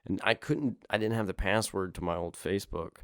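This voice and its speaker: A man with a very low voice tells stories with a deadpan, joking edge. His podcast mic sounds dry and close, with no room around it. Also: brisk, no echo. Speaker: comedian guest, teacher. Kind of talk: casual comedic chat.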